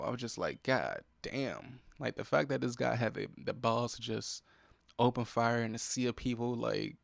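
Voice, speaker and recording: A creaky, mid-range male voice belongs to a young podcast host venting alone. He grumbles profanely about what irritates him in a casual monologue. The close podcast mic picks up no room sound.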